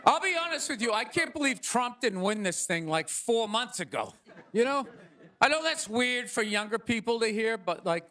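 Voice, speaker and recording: A man hosting a talk show who opens with a ranting, sarcastic stand-up monologue on stage before a live audience. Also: extremely high pitch. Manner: ranting, sarcastic, rapid asides. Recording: noisy room with loud crowd.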